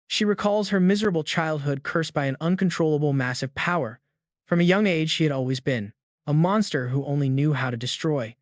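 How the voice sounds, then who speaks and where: A man's voice: fairly high pitch, no room sound. Man narrating a story recap, dry.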